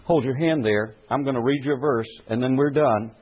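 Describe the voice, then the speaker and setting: A man's voice: medium pitch, brisk, breathy edge. A middle-aged male pastor preaching a sermon, putting rhetorical questions to his congregation. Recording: phone-like lo-fi recording.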